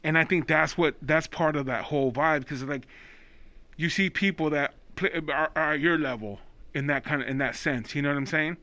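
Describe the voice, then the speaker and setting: A man's voice: fairly high pitch, moderate pace, no echo. A man reminiscing in casual chat, cursing freely and checking in with his listener. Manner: animated, profane, keeps asking "you know what I mean".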